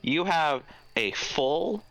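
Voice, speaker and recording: A man's voice: fairly high pitch, animated, very slow, a bit bright, rough recording. A man narrating as dungeon master in a tabletop game, loose and rambling, with lots of "like".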